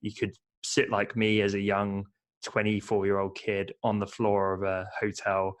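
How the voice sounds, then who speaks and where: A man's voice: fairly low pitch, completely flat delivery, normal speed. A man co-hosting a casual business podcast, chatty and playful as he gives practical advice. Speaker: podcast co-host.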